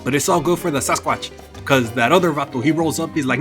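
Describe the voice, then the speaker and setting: A man's voice: mid-range voice, fairly even intonation, brisk, music in the background. A man doing a comedic anime episode recap, mixing in Spanish slang and playful put-on voices.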